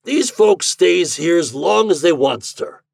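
A man's voice: on the high side, animated, measured pace, gravelly, darkish tone, breathy edge, dry recording, clean studio sound, voice pushed up, exaggerated voice. A man voicing a blunt rustic country landlord who speaks in a rural dialect. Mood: gruff.

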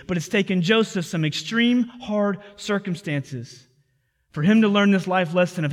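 A man preaching a sermon as pastor, animated, acting out biblical dialogue and swinging from loud passages to hushed ones. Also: high voice, normal speed, big-room sound.

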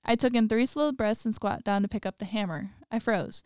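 Very clear-voiced woman reading horror aloud. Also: mid-range voice, brisk, dry recording, clean studio sound. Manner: laughs often, chatty asides with lots of "like". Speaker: story reader. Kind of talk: reading a horror story aloud with casual commentary.

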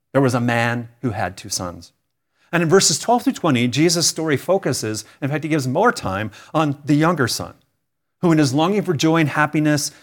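A man delivers a sermon from the pulpit at a mid-range pitch. He speaks earnestly, pressing on key words and letting dramatic pauses hang between repeated phrases. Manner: earnest, emphatic preaching with dramatic pauses and repetition. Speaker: pastor.

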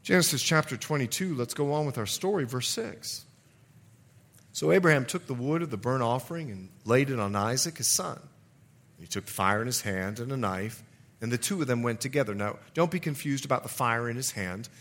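A male pastor preaching a sermon, reading scripture aloud and commenting between verses, his voice climbing high on the key lines. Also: animated, fairly quick, a bit bright.

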